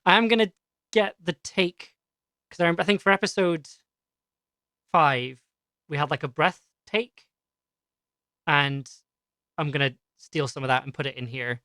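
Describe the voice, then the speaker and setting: A woman's voice: sits low, measured pace, long pauses, a bit bright, no echo. A woman hosting a live stream in a casual chat, talking through her editing steps aloud as she works on an audio drama.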